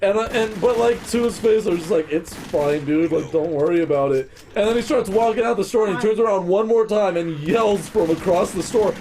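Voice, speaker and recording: A man's voice: sits high, fairly quick, hardly any pauses, crowd noise. A man chatting casually while playing a game, telling a laid-back story with laughs. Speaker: gamer chatting. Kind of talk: casual chat.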